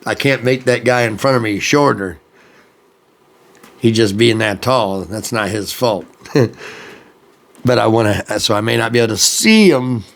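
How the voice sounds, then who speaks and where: A man's voice: lowish voice, vocal fry. A man chatting casually in a rambling vlog, laughing at his own jokes. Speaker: music vlogger.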